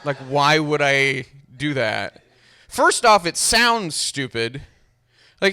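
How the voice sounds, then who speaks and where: A man's voice: fairly high pitch, sing-song, slow, sharp tone, smooth. A young man doing a stand-up comedy set with a dry, self-deprecating delivery. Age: young adult.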